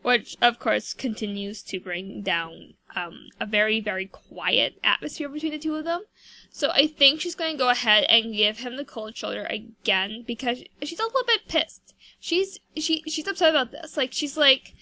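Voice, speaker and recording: A woman's voice: on the high side, animated, normal speed, bright, forceful tone, no echo. A woman giving casual, rambling commentary over a life-sim game, chatty and full of fillers. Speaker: gameplay video host.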